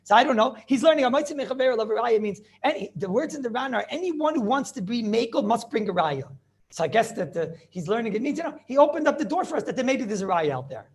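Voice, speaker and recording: A man, a rabbi, giving a Talmud study lecture in an animated way, repeating phrases and asking and answering his own questions. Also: extremely high pitch, fast talker. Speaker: rabbi teaching a class.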